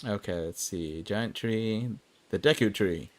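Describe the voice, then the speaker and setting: A man's voice: lowish voice, measured pace, darkish tone. A young man streaming an online game, rambling through casual commentary with self-mocking asides. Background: game music.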